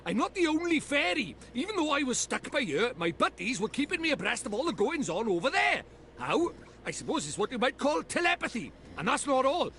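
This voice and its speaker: Cheeky welsh fairy from a game, super high and bright, bossy and teasing. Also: male voice, very animated, fairly quick, a little hiss or hum, full character voice. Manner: brash, teasing, chatty.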